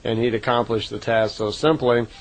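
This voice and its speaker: A man's voice: mid-range voice, little pitch movement, rough recording. Man casually retelling a story with fillers. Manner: unhurried, conversational, frequent "uh" fillers and self-corrections. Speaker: narrator recounting contact reports.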